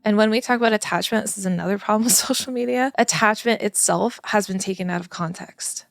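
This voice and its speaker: Earnest woman with a gravelly edge. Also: medium pitch, quick pace. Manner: earnest and passionate, laughs often. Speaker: parenting educator and former child therapist. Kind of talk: conversational podcast chat.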